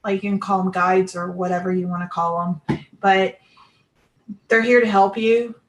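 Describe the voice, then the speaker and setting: A woman's voice: medium pitch, steady tone, moderate pace, reverberant. A woman talking casually about spiritual experiences, rambling with many fillers and restarts.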